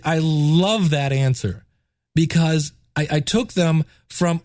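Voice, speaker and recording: A man hosting a casual podcast, his voice stuffed up and congested, talking with excitement and often repeating words. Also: a little high, slow, no echo, studio quality. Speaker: podcast host and teacher. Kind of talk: casual solo podcast talk.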